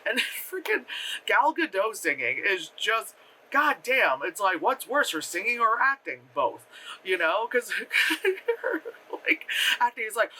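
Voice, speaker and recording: A young adult reviewer riffing on a film in a loose, chatty vlog. The voice is bright and forceful, with lively pitch swings. There is plenty of swearing, filler words and laughter. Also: moderate pace. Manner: animated, profane, laughs often, many fillers. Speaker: movie reviewer; effects artist. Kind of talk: casual spoken film review.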